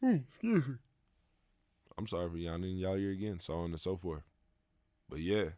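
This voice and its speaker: Young guy on his podcast, real deep voice, chill and slangy, dry close mic. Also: fairly even intonation, fast, a little mellow, clear, resonant tone, no room sound. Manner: laid-back, slangy, rambling with many fillers. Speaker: podcast host. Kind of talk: casual solo podcast chat.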